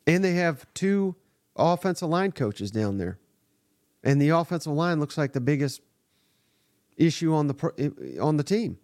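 A man's voice: fairly high pitch, big pitch swings, moderate pace, darkish tone, no echo. Guy ranting on his sports podcast, blunt and fed up, dry close mic. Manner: blunt, exasperated, profane commentary. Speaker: podcast host. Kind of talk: live sports reaction podcast.

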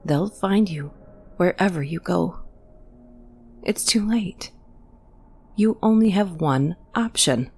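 A woman's voice: lowish voice, expressive, a little slow, darkish tone, husky, soft background music, voice pushed up, full character voice. A woman voicing a frightened, insistent young woman, who talks urgently and drops into whispers. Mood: ominous.

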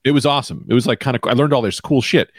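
A man's voice: medium pitch, rapid-fire, no echo, studio quality. A man co-hosting a casual chat over a remote call, telling rambling stories and swearing freely. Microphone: remote call mic.

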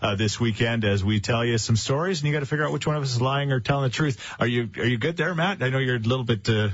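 A man's voice: mid-range voice, fast, no echo. A middle-aged man, hosting a morning radio show and chatting casually with fillers and restarts. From Canada. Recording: muffled lo-fi radio broadcast.

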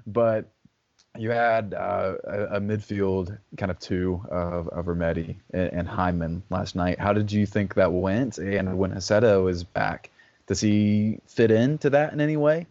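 A man co-hosting a casual sports podcast, relaxed and easygoing, with hesitant fillers. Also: sits low, unhurried, no room sound, muffled recording. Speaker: podcast co-host.

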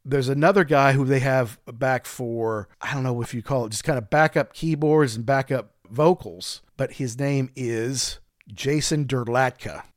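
A man's voice: mid-range voice, unhurried, no room sound, studio quality. A middle-aged man, a podcast host, telling a concert story in casual chat. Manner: storytelling, animated when quoting his daughter.

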